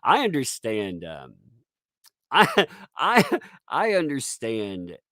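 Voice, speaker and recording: Male streamer, jokey and derisive, pitch leaps all over, dry close mic. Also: normal speed, no echo. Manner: laughs often, mocking and animated. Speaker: YouTube commentator. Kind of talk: livestream commentary.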